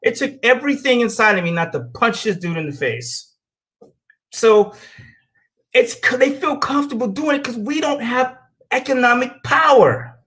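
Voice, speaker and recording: An American show host delivers a heated, profane opinion monologue, bluntly ranting and telling stories with acted-out quotes. His voice is extremely high-pitched and sharp, animated, and at a normal speed.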